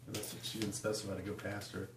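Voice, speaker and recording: A man's voice: on the low side, completely flat delivery, brisk. Laid-back man, off from the mic. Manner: laid-back, narrating his own moves. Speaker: player. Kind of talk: casual game chat. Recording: distant, roomy, noisy.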